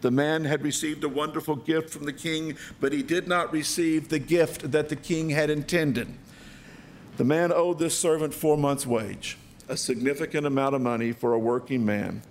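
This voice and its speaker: A man's voice: on the high side, steady tone, moderate pace, a little hiss or hum. A man preaching a sermon, telling a parable in a dramatic, vivid way. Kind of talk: storytelling sermon.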